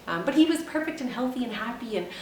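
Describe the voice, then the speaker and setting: A woman's voice: fairly high pitch, animated, fast talker, a little mellow, distant mic. A young woman vlogger in casual chat, rambling and emotional, laughing often. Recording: roomy echo, a bit off-mic, faint hum.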